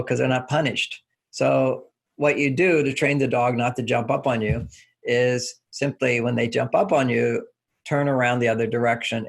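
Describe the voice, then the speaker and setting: An older man who writes about relationships explains his ideas in an interview, using relaxed anecdotes and repeating key phrases. His mid-range voice is husky with vocal fry.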